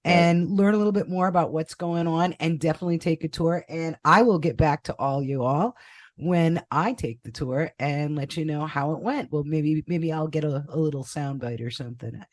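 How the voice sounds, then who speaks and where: A woman's voice: sits low, moderate pace. A woman hosting a casual interview podcast, chatty and playful, laughing often. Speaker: podcast host.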